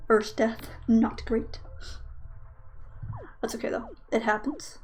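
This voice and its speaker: A woman's voice: fairly high pitch, steady tone, takes it slowly, pauses often, faint music behind. A young woman casually commentating her own speedrun, rambling with lots of fillers and self-deprecating jokes.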